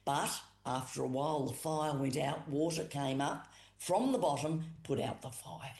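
An Australian voice, middle in pitch, tells an old creation story at an easy pace, coming back to the same phrases and leaning on the key moments. The room around the mic rings with a clear echo. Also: darkish tone. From Boandik country, South Australia. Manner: unhurried, repetitive storytelling with pauses and emphatic retellings. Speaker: Aboriginal storyteller and cultural educator. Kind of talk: oral telling of a creation story. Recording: echoey room.

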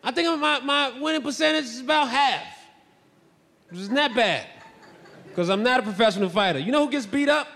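A man doing a stand-up comedy set on stage, animated and breaking into loud shouted bits. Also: very high voice, fairly quick, gravelly, long pauses. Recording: reverberant hall with faint ambience.

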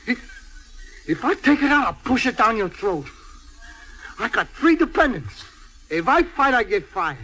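An actor playing an emotional, middle-aged immigrant truck driver, who stammers and weeps easily. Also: male voice, very high-pitched, measured pace, pauses often, exaggerated voice, rough recording. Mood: defiant. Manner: excitable, tearful, stammering.

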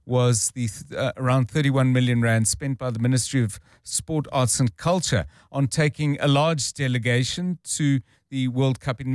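A man's voice: medium pitch, no room sound. Picture a man hosting drive-time talk radio, speaking plainly and conversationally into a studio mic. His voice sits mid-range, and the sound is close and dry. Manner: conversational, explains news plainly. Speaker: radio talk show host. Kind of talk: live talk radio, taking calls and previewing news. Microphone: studio microphone.

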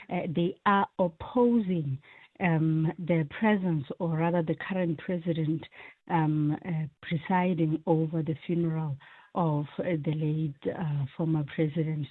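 Low husky woman reporting over the phone. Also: no echo. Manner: measured, many ums and uhs. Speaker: news reporter. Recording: tinny phone line.

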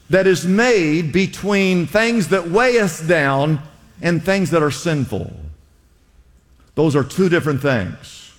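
A man's voice: on the high side, long reverb tail. A male pastor preaching a sermon in a church, with impassioned exhortations and lots of repetition.

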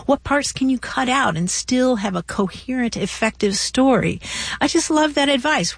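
A woman co-hosting a radio show about language, talking casually and quick to affirm and encourage. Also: high-pitched, animated, husky, no echo. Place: radio studio.

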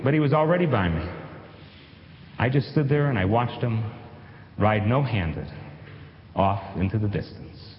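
A man who used to teach, telling a personal story in a measured way and slowing down on key phrases. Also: lowish voice, animated, a little hiss or hum. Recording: dull sound in an echoey hall.

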